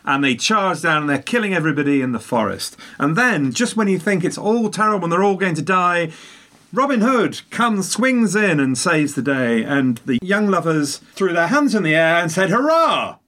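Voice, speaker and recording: A man chatting at length about a favourite film, talkative and jokey, with animated emphasis. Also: fairly high pitch, normal speed. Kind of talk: casual film chat.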